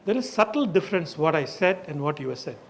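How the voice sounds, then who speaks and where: A man's voice: on the high side, very animated, quick pace, creaky, a little hiss or hum. A man leading an awareness session, lecturing emphatically and asking his audience questions.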